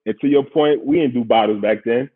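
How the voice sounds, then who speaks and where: A man's voice: medium pitch, a little fast. A man from Queens with a New York accent, telling a story in casual, slangy podcast talk and laughing often. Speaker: podcast host, former pro football player. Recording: husky voice over tinny phone-like line.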